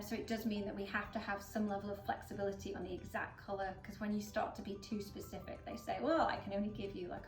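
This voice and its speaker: A woman from England, hosting a casual flower-arranging demonstration in a chatty, upbeat way with plenty of fillers. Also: mid-range voice. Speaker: florist host. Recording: roomy echo, mic at a distance, faint background music.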